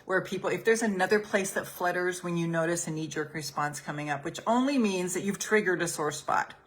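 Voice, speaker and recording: A woman podcast host and business coach leading listeners through a gentle healing exercise, soothing and repetitive. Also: fairly low pitch, brisk. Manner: soothing, gentle, repeats phrases softly.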